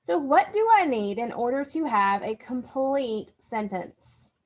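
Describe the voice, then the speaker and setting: A woman's voice: a little high, big pitch swings, a little slow, a little mellow. A woman teacher giving a recorded online class, patiently explaining grammar step by step to young pupils. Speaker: elementary school teacher.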